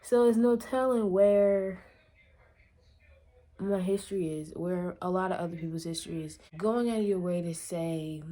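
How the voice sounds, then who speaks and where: A woman's voice: lowish voice, normal speed, warm tone. A woman vlogger in a casual rant to camera, exasperated and emphatic, lecturing her viewers.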